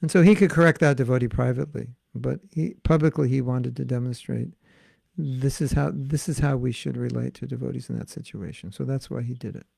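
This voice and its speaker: Gravelly American man teaching playfully. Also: mid-range voice, fairly quick, a little mellow, no room sound. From United States. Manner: playful, acts out little dialogues and laughs often. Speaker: spiritual teacher. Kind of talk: online class with questions and answers.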